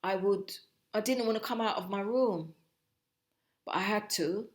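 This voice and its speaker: Middle-aged woman, interview guest; reflective, halting delivery with frequent restarts. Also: mid-range voice. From Jamaica. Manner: reflective, halting, breaks off and restarts mid-phrase. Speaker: guest, host's mother. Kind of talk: personal storytelling.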